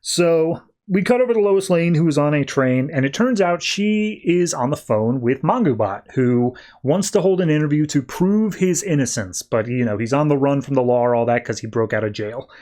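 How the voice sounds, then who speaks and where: A man hosting a podcast, recapping comic books as quick, enthusiastic storytelling. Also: a little high, lively intonation, a little mellow. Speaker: podcast host. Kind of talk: casual comic book recap.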